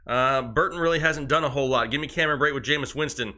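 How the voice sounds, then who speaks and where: Bright-voiced man firing off quick picks. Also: mid-range voice. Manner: quick verdicts, breathless run of picks. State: out of breath. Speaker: fantasy football co-host. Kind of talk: rapid-fire lineup advice on a live stream.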